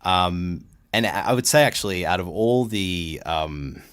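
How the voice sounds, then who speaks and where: A man's voice: deep voice, animated, unhurried, a bit bright, clear, resonant tone. A middle-aged Australian man talking in a casual podcast interview, chatty and rambling, with many fillers and restarts. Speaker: voice actor guest.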